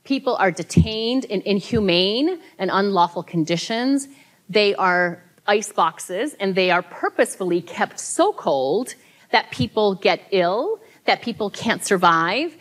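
A woman's voice: medium pitch, lively intonation, unhurried. A woman giving a conference keynote speech, earnest and emphatic, telling people's stories with now and then a laughing aside. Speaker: keynote speaker. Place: conference hall.

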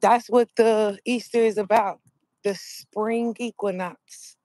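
A woman vlogger chatting casually with her viewers outdoors, explaining things slowly step by step and calling them y'all. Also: mid-range voice, fairly even intonation, warm tone, no room sound. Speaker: mukbang vlogger.

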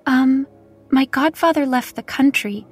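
A woman's voice: sits high, unhurried, faint music behind, voice pushed up. A woman voicing a tearful little girl. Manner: soft, teary, at times whispery.

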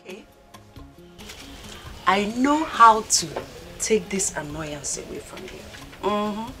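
An actress with a Nigerian accent playing a sister who coaxes and comforts a friend. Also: female voice, medium pitch, sing-song, slow pace, sharp tone, full character voice. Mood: coaxing. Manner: coaxing and teasing. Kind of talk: Nollywood film acting. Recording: music playing under the dialogue.

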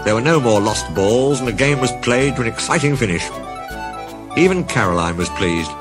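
A man narrating a children's storybook in an expressive, playful manner. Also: medium pitch, moderate pace. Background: background music.

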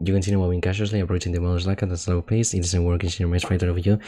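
Deep-voiced young man reading stumblingly. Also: level tone, very fast, music in the background. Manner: stumbles and restarts while reading, laughs and swears often. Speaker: gamer reading game text aloud. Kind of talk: casual gameplay commentary, reading text aloud.

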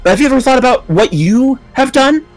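A man playing a defensive adult scientist villain who lectures and accuses in a measured, indignant way in a Minecraft roleplay. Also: very high-pitched, expressive. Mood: accusing.

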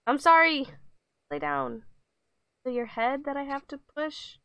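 Woman livestreaming a pet game, chatty and giggly, coaxes her dog, bit high voice. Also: sing-song, normal speed, dry recording. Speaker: streamer. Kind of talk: casual game livestream commentary.

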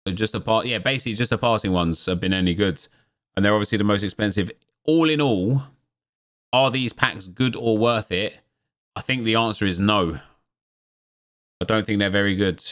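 Male gaming host, lowish voice, chatty pack-opening commentary with sudden excited yelps. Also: normal speed, long pauses. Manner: chatty, jumps into excited exclamations at pulls. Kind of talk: casual gameplay commentary.

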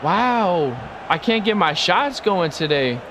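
Young guy yelling at his football game, excitable and chatty, slightly high voice, noisy background. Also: slow pace. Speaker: gaming video creator. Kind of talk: live gameplay commentary.

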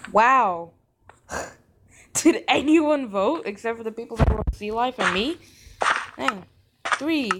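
Chatty high woman over background hiss. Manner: chatty, giggly, self-mocking rambling. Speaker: gaming channel host. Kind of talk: in-character gameplay commentary. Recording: steady background noise.

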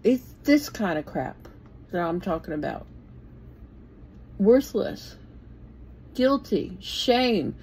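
Casting: woman in her sixties, unhurried Bible teacher, blunt and plainspoken, faint hiss behind her. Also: mid-range voice, sing-song, darkish tone, low-quality recording. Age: 60s. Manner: blunt and plainspoken, swears casually. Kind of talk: informal bible talk.

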